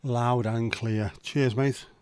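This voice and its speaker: A man's voice: mid-range voice, fairly even intonation, takes it slowly, darkish tone, clean tone, no echo, clean studio sound. A man who hosts a casual live stream, chatting and joking and greeting viewers by name. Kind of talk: casual watch-along chat.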